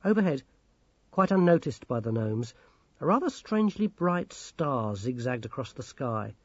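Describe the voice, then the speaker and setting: A man narrating an audiobook in a measured, expressive way. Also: medium pitch, no room sound. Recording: dull, dry recording.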